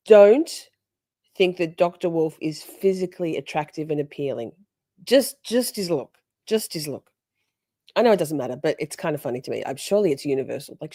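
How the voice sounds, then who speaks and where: Chatty woman with a dark, dry voice. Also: fairly low pitch, no room sound. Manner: chatty, gushing, laughs often. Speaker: livestream host recapping a trial. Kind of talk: casual live commentary.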